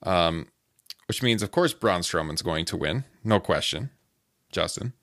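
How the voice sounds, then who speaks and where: A man's voice: deep voice, lively intonation, unhurried, fairly bright tone, dry recording, studio quality. A man hosting a casual podcast, moderating and handing the turn to his co-hosts. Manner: moderating, passing turns to co-hosts. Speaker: podcast host. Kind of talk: casual wrestling podcast chat.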